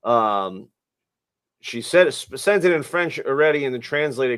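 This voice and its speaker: A man reading out viewer questions on a podcast, hesitant and filling pauses with "uh" and "um". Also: medium pitch, lively intonation, fairly bright tone, clear, resonant tone. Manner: hesitant, full of "uh" and "um". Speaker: question reader.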